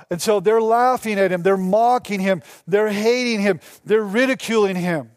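Animated high-voiced male pastor, dry sound. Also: dry recording. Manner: animated, acts out quoted dialogue. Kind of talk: sermon.

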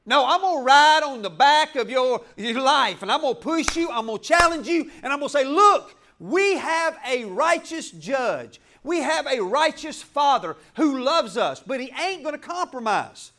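A pastor with a drawl preaches with fiery passion, his voice pitched unusually high for a man. He swings from loud exclamations to quieter asides, laughing as he drives his points home in a church. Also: lively intonation, moderate pace, few pauses. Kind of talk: sermon.

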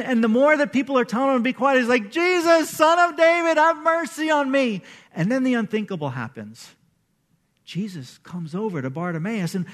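A male pastor preaches a sermon in a conversational, animated style, acting out the people he quotes. His voice is very high-pitched.

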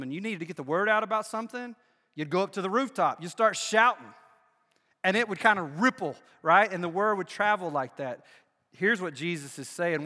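An older man preaching a sermon as pastor, swinging between loud emphatic bursts and hushed, low asides. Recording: long hall reverb.

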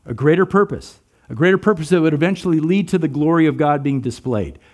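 A man's voice: a little high, animated, quick pace, darkish tone. A man preaching a sermon, earnest and emphatic, asking his listeners rhetorical questions. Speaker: pastor.

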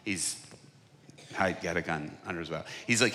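A man preaching a sermon from a stage, telling a story and acting out what people said, often getting much louder. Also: lowish voice, a little fast. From United States. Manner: animated, acts out quotes with big swings in loudness. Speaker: evangelist preacher. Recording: long hall reverb.

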